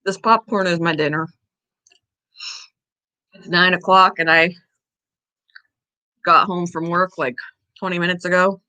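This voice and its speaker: A woman's voice: lowish voice, fairly even intonation, measured pace, pauses often, sharp tone. A woman hosts a casual livestream from her home and talks in a loose, rambling way as she heads up and down the stairs. She is winded and breathing hard between phrases, with an occasional cough. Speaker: livestream host.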